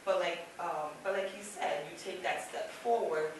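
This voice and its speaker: A woman with a fairly low voice talks frankly and conversationally. She is far from the mic in a strongly echoing room, with steady background noise. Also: normal speed. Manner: candid, conversational, uses fillers. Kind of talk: group discussion.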